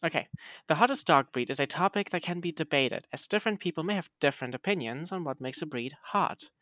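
Man, somewhat high voice, playful, casual podcast host, dry close recording. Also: expressive, fast talker, pushed and bright, no room sound. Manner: playful, reads text aloud in a chatty way.

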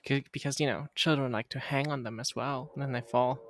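A man, a native German speaker, co-hosting a podcast in casual chat with a blunt, deadpan manner. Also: mid-range voice, brisk, a little hiss or hum. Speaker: podcast co-host. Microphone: remote call microphone.

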